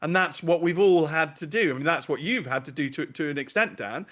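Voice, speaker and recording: A man's voice: fairly high pitch, a little fast, fairly bright tone. Indignant, impassioned male pundit. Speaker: guest commentator. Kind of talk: opinionated panel talk.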